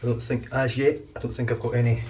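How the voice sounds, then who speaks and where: Speaking quickly in a slightly mellow, medium-pitched voice with little pitch movement, a shaving vlogger chats and rambles while shaving his head. He often restarts his sentences in this casual running commentary, captured by a distant mic over faint background noise.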